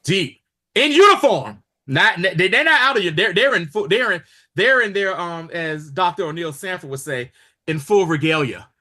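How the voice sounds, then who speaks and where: At a moderate pace and with a high-sitting voice, a male podcast co-host recaps a TV episode conversationally. He's animated, acting out the characters' lines as he retells it.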